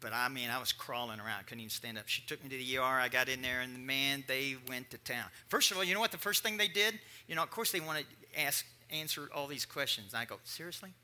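A middle-aged male pastor telling a personal story in a sermon, animated and acting out the people in it. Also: medium pitch, fast talker, few pauses.

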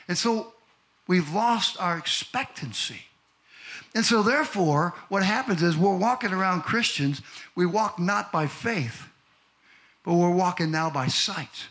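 Pastor guy preaching to his church, kinda high voice, gets loud and shouty. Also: lively intonation, measured pace. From Missouri. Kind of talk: sermon. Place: church in front of a congregation.

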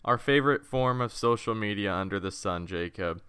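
A man's voice: on the low side, moderate pace, a bit bright, smooth, dry recording, clean studio sound. A young man co-hosting a casual sports podcast, teasing his partner and steering the segments along. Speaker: podcast co-host.

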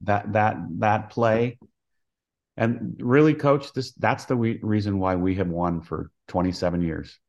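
An older man, a college softball coach, telling stories in an interview with an earnest manner, acting out the voices of people he quotes. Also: lowish voice, unhurried, highs cut off. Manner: earnest storyteller who acts out quoted dialogue. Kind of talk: storytelling interview.

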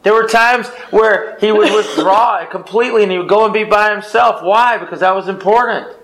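A man's voice: high voice, normal speed, vocal fry, fairly bright tone, rough recording. A man leading an informal Bible study, teaching in an emphatic way, repeating phrases and answering his own questions.

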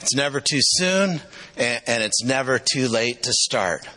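A man's voice: medium pitch, animated, a little slow, bright, forceful tone, poor audio. A middle-aged man preaching a sermon, telling personal stories with emotional, repetitive emphasis. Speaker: pastor.

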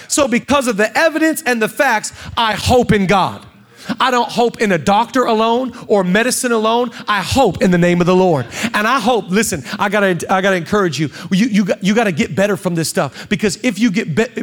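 Pastor, man in his 30s, bright high voice, impassioned church sermon, hushed to shouting. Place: church stage.

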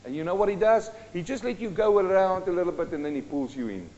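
High-voiced preacher in an echoing hall. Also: male voice, animated, fast, a little mellow. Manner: preaching with rhetorical questions to the congregation. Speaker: pastor. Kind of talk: sermon. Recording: dull sound with long hall reverb.

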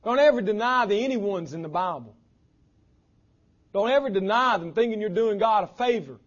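Male pastor, sermon, husky tone, loud-to-hushed swings, dull lo-fi recording. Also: sits high, animated, normal speed.

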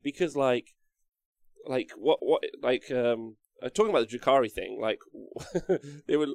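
A man's voice: medium pitch, measured pace, vocal fry, a little mellow, dry recording, studio quality. A young man hosting a casual livestream, rambling, reading chat comments aloud and swearing freely. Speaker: livestream host.

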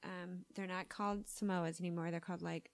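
A woman's voice: on the low side, fairly quick, creaky, dry recording. A woman co-hosting a casual chat podcast, telling stories and acting out what other people said. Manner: animated storyteller who acts out other people's lines. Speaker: podcast co-host.

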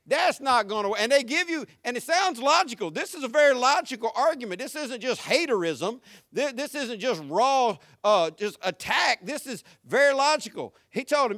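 A very high-pitched male preacher with a bright, forceful tone, talking conversationally and then building up to shouted peaks. The sound is close and dry, with no room echo. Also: animated, moderate pace, hardly any pauses. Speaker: pastor. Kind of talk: sermon.

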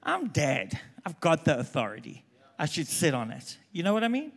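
A middle-aged man from South Africa with a South African accent blended with American, preaching an emphatic sermon that swings between loud calls and quiet asides. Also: on the high side, huge pitch swings, normal speed, creaky. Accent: South African, mixed with American.

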